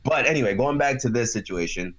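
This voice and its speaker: A man's voice: mid-range voice, fast, lo-fi sound. A man in casual chat, animatedly retelling a show's plot with lots of fillers. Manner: animated storyteller with many fillers.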